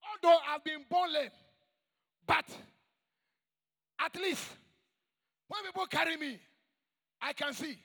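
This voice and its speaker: A man preaching a sermon to a church congregation, emphatic and call-and-response, with shouted high points. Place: large church hall. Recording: long echoing church reverb.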